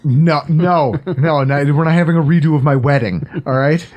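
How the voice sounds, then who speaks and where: A man in his thirties hosting a casual sports podcast, excitable and swearing freely, often laughing. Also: fairly high pitch, moderate pace, dull audio. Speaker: podcast host.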